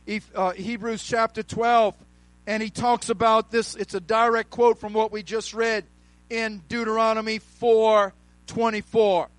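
A man preaching a sermon, calling out to the congregation and rising to shouts, with slow, drawn-out emphasis on key words. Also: high voice, little pitch movement, no room sound, rough recording.

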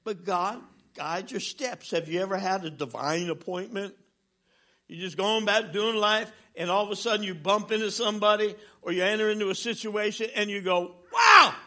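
A man in his sixties preaching a sermon as a traveling minister, telling stories with jokes and swinging from loud to hushed. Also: sits high, moderate pace.

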